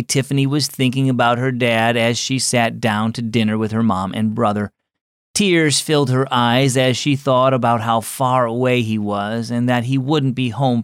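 A man's voice: mid-range voice, smooth, no echo, clean studio sound. A man narrating a scripted children's devotional story and speaking directly to young listeners. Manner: warm teaching tone for children.

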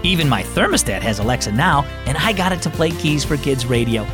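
Lively male host of a kids' devotional. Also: on the high side, brisk, music in the background. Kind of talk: scripted children's devotional narration.

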